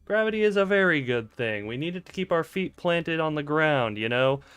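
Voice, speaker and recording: A man's voice: a little high, animated, moderate pace, a bit bright, clean tone, no room sound. Rambling self-mocking male game streamer. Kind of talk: casual livestream chat while gaming. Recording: dry close mic with faint game music.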